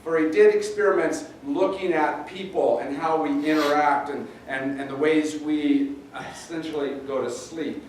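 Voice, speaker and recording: A pastor preaching a sermon in a conversational, halting way, often repeating words. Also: male voice, on the high side, steady tone, slight background noise. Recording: roomy echo, distant mic, faint ambience.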